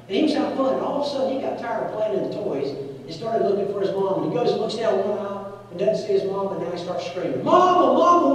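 A man's voice: high-pitched, mellow. A man preaching a sermon, telling stories, repeating key phrases and asking the congregation "Amen?". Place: church sanctuary. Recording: echoey hall from far off.

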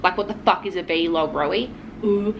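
A mocking, sarcastic female inner critic with a somewhat low voice, as a woman puts her on. She scoffs and sneers, and the recording sounds dull with clear noise behind it. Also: moderate pace.

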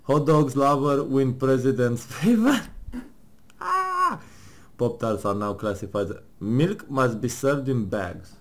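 Reading game text aloud with mock seriousness, this man jokes, laughs, and swears casually as he plays alongside his partner. He speaks a little slowly, with an expressive, medium-pitched voice.

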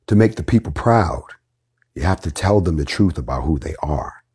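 A deep, husky-voiced man speaks to his followers in a live stream. He preaches in rolling repeated lines, blunt and full of cursing, at times low and quiet, at times fired up. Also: animated, moderate pace. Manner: preaching, repetitive rhetorical cadence, swings from quiet to fiery; blunt, profane. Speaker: group leader addressing followers.

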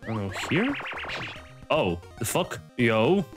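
A young man giving casual gameplay commentary, swearing and getting frustrated, jumping into high yells. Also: sing-song, slow pace, faint music behind. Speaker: gaming video host.

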